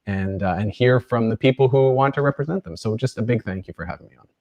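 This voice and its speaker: A man from Canada who is a political candidate, giving a guest's answers in a measured, earnest way with hesitant restarts. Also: mid-range voice, no echo, muffled recording. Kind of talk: interview answer.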